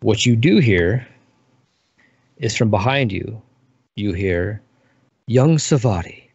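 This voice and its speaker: A man narrating as dungeon master, describing scenes in a relaxed, unhurried way. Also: fairly low pitch, gravelly, husky, no echo. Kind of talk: narrating a tabletop game. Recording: muffled lo-fi recording.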